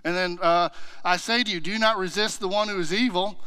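A man's voice: sits high, fairly even intonation, brisk, bright, forceful tone, clean tone, no echo. A man teaching a church Bible class in a conversational way, asking himself questions and retelling stories with animation.

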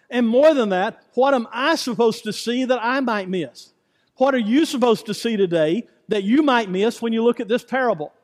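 Guy preaching a sermon, keeps repeating his point, lots of questions to the crowd, echoey church. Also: high-pitched. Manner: repetitive, emphatic preaching with rhetorical questions. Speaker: pastor. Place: church sanctuary. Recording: church hall with long reverb.

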